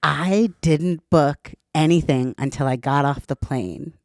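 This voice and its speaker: A woman in her thirties talks with a smooth, clear voice, chatty and candid, swearing now and then. The recording is dry and close, with no room sound. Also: low voice, measured pace, darkish tone, no room sound. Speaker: podcast guest. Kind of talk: casual storytelling interview.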